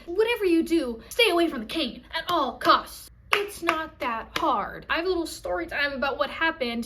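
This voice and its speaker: A woman vlogger with a high-pitched voice, ranting casually to the camera. She talks bluntly and sarcastically and sounds fed up. Her delivery is direct and unfiltered. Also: a bit bright. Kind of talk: casual vlog rant.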